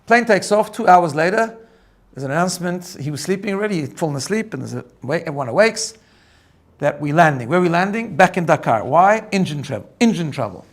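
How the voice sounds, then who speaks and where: A middle-aged man, a rabbi, telling a story in a lively way and often repeating words as he builds it up. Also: on the high side, fairly quick. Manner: animated, repeats words when excited. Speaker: rabbi teaching personal growth. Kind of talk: storytelling talk.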